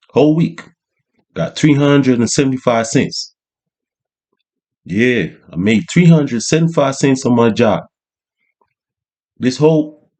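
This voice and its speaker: A man's voice: mid-range voice, darkish tone, natural voice. A man voicing an older male street hustler who rambles and boasts in heavy slang. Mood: boastful.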